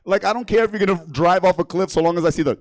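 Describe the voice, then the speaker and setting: A man's voice: high-pitched, very fast, dry recording. Brash, profane New comedian man. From New York. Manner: brash, profane, laughing at his own jokes. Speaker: stand-up comedian. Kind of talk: stand-up comedy set. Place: comedy theater stage.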